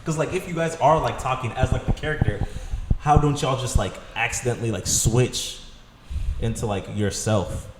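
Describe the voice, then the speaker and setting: A man's voice: medium pitch, moderate pace. A man asking curious questions in laid-back slang during a casual round-table chat. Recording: echoey hall with clear room noise.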